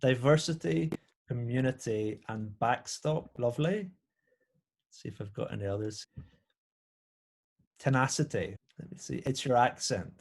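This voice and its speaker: A male workshop facilitator who guides a group conversation warmly and reads out what people suggest. His voice sits at mid pitch. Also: animated, a little slow, gravelly, long pauses.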